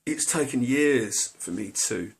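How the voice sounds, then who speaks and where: A man's voice: medium pitch, animated, unhurried, vocal fry. A middle-aged man tells a personal story to camera, hesitant and confessional, full of fillers and restarts. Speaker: vlogger.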